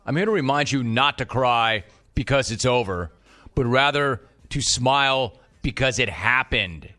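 Sarcastic, bright-voiced radio host man. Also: medium pitch, soft background music. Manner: sarcastic, rapid-fire. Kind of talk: sports talk radio.

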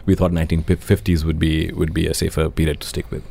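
A man's voice: extremely low pitch, little pitch movement, fast, creaky, warm tone. A man who is a theatre director, answering interview questions hesitantly, with many fillers and repeated phrases. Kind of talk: radio interview.

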